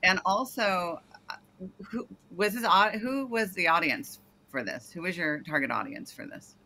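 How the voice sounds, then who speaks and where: A woman's voice: lowish voice, expressive, moderate pace, pushed and bright. A woman coaching a startup founder over a video call, giving detailed feedback and often correcting herself mid-sentence.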